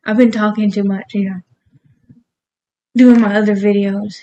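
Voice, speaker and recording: A woman's voice: medium pitch, flat delivery, normal speed, warm tone, muffled recording, a little hiss or hum. A woman cooking in her home kitchen, rambling casually and laughing at herself as she talks through her recipe. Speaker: cooking vlogger. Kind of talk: casual cooking vlog chat.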